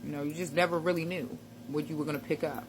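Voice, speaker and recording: Lower-voiced woman giving casual motivational talk. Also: steady tone, quick pace, noisy background. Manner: conversational and reflective, with slang and frequent laughs. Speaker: self-help vlogger.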